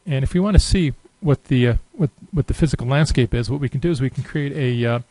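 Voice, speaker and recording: Man narrating a software tutorial, dry sound. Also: mid-range voice, fast, dry recording, rough recording. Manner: relaxed, thinking aloud with many fillers. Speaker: software demonstrator. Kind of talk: screen-recorded software tutorial.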